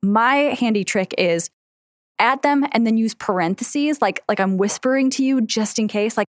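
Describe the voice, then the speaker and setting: A woman's voice: on the high side, moderate pace, no echo, studio quality. A woman co-hosting an advice podcast, walking through steps and acting out sample scripts in casual chat. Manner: gives step-by-step advice, reads sample scripts aloud.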